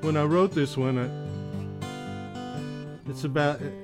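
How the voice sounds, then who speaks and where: A man's voice: a little high, unhurried. A man, a guest musician, chatting casually in an easygoing, agreeable way. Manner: easygoing, agreeable, laughs often. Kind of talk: casual chat. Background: guitar playing.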